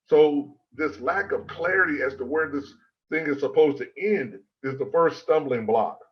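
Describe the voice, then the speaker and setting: A man giving a prepared presentation as a speaking coach, measured and emphatic, building his points in lists of three. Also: mid-range voice, highs cut off.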